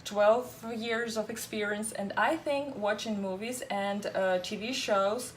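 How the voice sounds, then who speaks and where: A woman's voice: medium pitch, unhurried, a little hiss or hum. A woman English teacher, chatting casually, laughing often and using many fillers. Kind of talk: casual chat.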